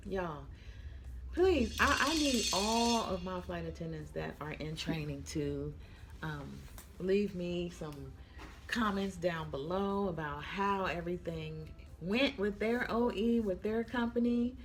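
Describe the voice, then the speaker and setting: A woman's voice: lowish voice, takes it slowly, soft background music. Tired, chatty young woman vlogger. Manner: chatty, addresses viewers as y'all, yawning. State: tired, yawning. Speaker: vlogger, flight attendant. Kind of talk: casual chat to camera.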